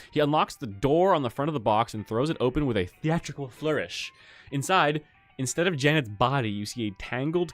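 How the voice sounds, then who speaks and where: A man streaming a game, reading its text aloud in a casual, jokey way. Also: medium pitch.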